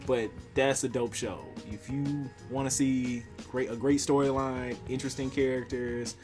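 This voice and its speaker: A man's voice: mid-range voice, normal speed, soft background music. A man co-hosting a podcast, chatting casually and teasing his co-host about TV shows. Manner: teasing, animated, laughing often. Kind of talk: casual chat.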